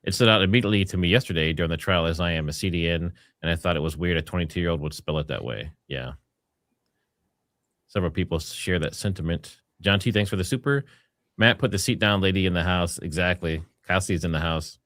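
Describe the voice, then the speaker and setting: A man with a low, deep voice hosts a live stream, upbeat and casual as he reads out viewer messages. The sound is dry and close, with no room behind it. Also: brisk, a bit bright, no echo. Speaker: live-stream host reading super chats.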